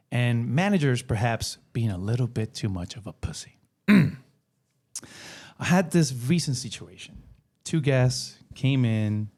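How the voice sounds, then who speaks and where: A man co-hosting a podcast, speaking in a measured, advice-giving way in casual chat. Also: mid-range voice, mellow. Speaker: podcast co-host.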